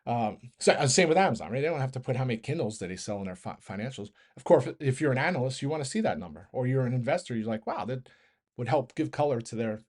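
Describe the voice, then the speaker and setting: Man, fairly high voice, casual market rant, rambling, self-correcting, animated. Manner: rambling, self-correcting, fast train of thought; animated, laughs often. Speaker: stock market show host.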